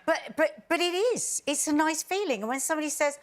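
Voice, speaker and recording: A woman's voice: sits high, fast talker. A woman panelist arguing her opinion earnestly and emphatically in a daytime TV studio chat.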